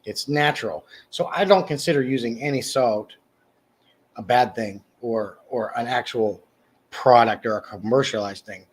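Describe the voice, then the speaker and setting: A man hosting a casual livestream, answering viewers' comments by name in a rambling way with frequent restarts. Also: a little hiss or hum. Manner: mock sales pitch, slow and emphatic. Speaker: livestream host. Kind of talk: casual live chat reading comments.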